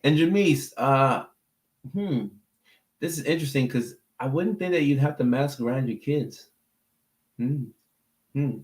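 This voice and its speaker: A man's voice: medium pitch, unhurried, long pauses, reverberant. Easygoing man chatting on a livestream. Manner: easygoing and talkative, repeats words while thinking. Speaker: mental health clinician hosting a livestream. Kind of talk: casual livestream chat answering viewer comments.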